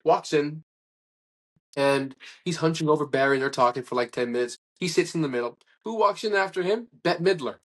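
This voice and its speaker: Speaking fairly quickly in a fairly high voice, a man being interviewed tells animated, rambling stories full of restarts. He acts out quoted dialogue as he goes, keeping things casual and conversational.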